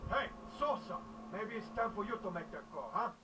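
Game gangster boss, brash and boastful; high, lively delivery, distant audio. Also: male voice, a little fast, background noise. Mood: menacing. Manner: cocky, taunting, shouty boasting. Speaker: video game character.

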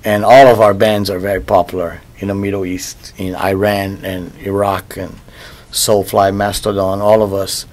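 A man's voice: deep voice, flat delivery, normal speed, a little mellow. A man talking loosely about his band's album in an interview, repeating words as he searches for them. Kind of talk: casual interview talk.

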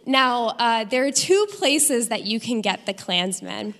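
Young woman, stand-up comedian, fairly high voice, deadpan punchlines, long hall reverb. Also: a little slow. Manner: deadpan punchlines, animated delivery. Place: theater stage with live audience.

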